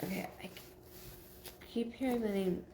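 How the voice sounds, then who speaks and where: A woman giving a live psychic reading, relaying messages in a halting way with many fillers. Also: medium pitch, echoey room, noisy background. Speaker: psychic medium.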